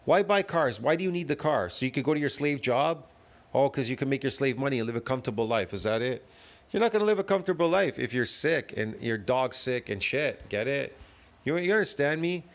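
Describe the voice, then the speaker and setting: A man's voice: mid-range voice, expressive, a little fast. A man reacting to a video with a long, emphatic rant full of repeated phrases and rhetorical questions. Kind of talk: ranting commentary.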